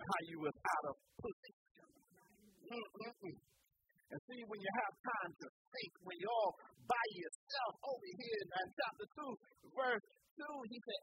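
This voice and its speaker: Male preacher, high voice, folksy call-and-response sermon delivery with faint room noise. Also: fairly bright tone, poor audio. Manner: folksy, speaks to young people with everyday examples.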